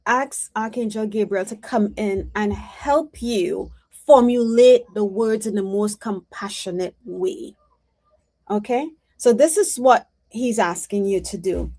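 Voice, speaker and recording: A woman's voice: mid-range voice, a little slow, warm tone. A woman psychic reader giving a casual mediumship reading, rambling and chatty with many restarts.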